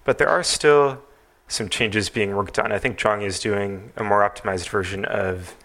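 Low, gravelly man, animated podcast guest. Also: normal speed. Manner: thoughtful, hedging, lots of "like" and "um". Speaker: podcast guest, TAS creator. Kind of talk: casual podcast interview.

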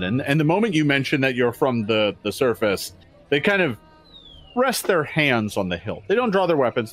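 A man narrates as game master in a loose, rambling way, full of fillers and restarts. His pitch is middling, but it rises and falls a great deal. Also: fairly bright tone.

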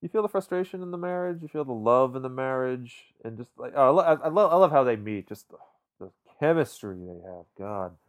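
A man co-hosting a casual film podcast, agreeable and relaxed, steering toward the closing question. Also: medium pitch, a little fast. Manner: relaxed, agreeable, wraps up segments. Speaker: podcast co-host.

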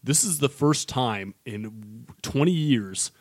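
A man's voice: mid-range voice, expressive, takes it slowly, no echo. A man on a casual sports podcast, explaining his points earnestly and joking with his co-hosts. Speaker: podcast co-host.

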